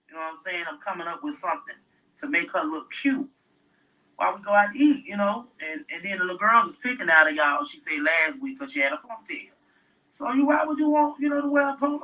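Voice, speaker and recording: A man's voice: high voice, pushed and bright, distant mic, full character voice, low-quality recording. A man playing a fussy middle-aged single mom who rambles on to her viewers while doing her daughter's hair in a comedy skit. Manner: rambling, chatty, talks to viewers.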